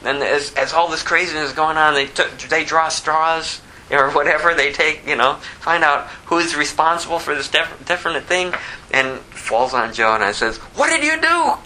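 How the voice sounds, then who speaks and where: A man preaching a verse-by-verse sermon, telling the story animatedly and swinging from loud to hushed. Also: a little high, steady tone, normal speed, a little hiss or hum, poor audio. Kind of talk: expository sermon.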